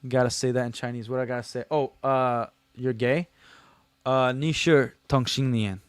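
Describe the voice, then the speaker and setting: In a dry recording, a man with a clear, resonant mid-range voice hosts a casual livestream at normal speed and fairly even intonation. He reads chat aloud and fires back slangy jokes and teasing, loosely, with plenty of fillers.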